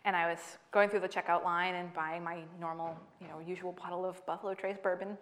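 A young adult woman author giving a book talk to an audience, lively and laughing through her stories. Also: lowish voice, fairly quick. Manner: animated storyteller, laughing through anecdotes.

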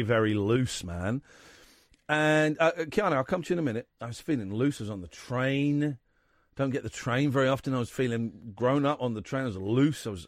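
A man's voice: medium pitch, no echo. A man hosting a radio talk show in the studio, telling a rambling anecdote full of quoted voices. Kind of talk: casual radio chat, storytelling.

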